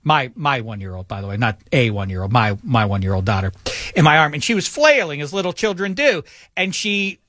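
A middle-aged man co-hosting a sports radio show, telling a lively anecdote and acting out the quotes in it. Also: medium pitch, brisk, no room sound, studio quality. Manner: animated anecdote teller, acts out quotes. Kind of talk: radio banter, storytelling. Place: radio studio. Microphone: studio microphone.

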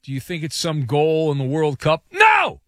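A man hosting a sports talk radio show, excitable and quick to break into shouted chants. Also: fairly high pitch, no echo, clean studio sound.

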